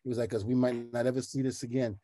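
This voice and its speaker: Dark-voiced man telling stories. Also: medium pitch, fast, no echo. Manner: animated storyteller who acts out the quotes in his stories. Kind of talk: casual storytelling chat.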